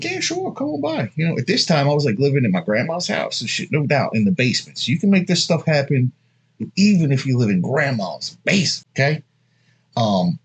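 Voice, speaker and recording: A husky-voiced man in his thirties delivers dating tips in a loose, rambling monologue. His pitch swings widely as he jumps between crude asides and stories. He talks bluntly and casually, like he is chatting with friends. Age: 30s. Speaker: dating advice host.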